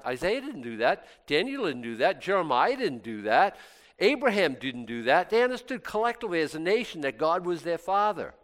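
A man preaching a sermon, swinging from loud exclamations to soft, intimate asides. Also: high voice, sing-song, fairly quick.

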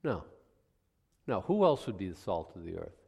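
A man with a fairly low voice teaches scripture in an easygoing, rambling way, breaking off mid-sentence for homely asides. His voice rings with the long reverb of a church hall. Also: big pitch swings, normal speed, creaky, darkish tone, slightly rough. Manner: rambling, self-interrupting, folksy asides. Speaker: pastor. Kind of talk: conversational Bible teaching.

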